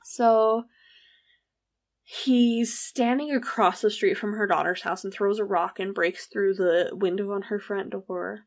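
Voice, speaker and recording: Podcast host, female, gravelly fry, chatty true-crime storyteller. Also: medium pitch, fairly even intonation, a little slow. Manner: chatty, recounts events with frequent "like" and quoted dialogue.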